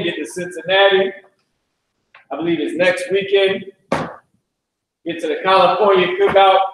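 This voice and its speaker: A man with a fairly high voice teaches a class in a loose, slangy way, blunt and profane and prone to side remarks. His voice rings around a hard classroom with strong echo. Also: a bit bright. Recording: very echoey room.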